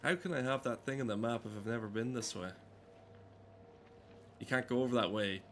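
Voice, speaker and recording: A man's voice: mid-range voice, fairly quick, a bit bright, slight background noise. A man giving casual game commentary, rambling and self-mocking, swearing often and stumbling over fillers. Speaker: let's play gamer.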